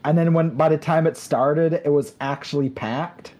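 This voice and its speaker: A woman's voice: deep voice, fairly even intonation, normal speed, darkish tone. Chatty woman telling a rambling story. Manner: rambling storyteller, many fillers and restarts. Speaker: podcast co-host. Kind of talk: casual chat.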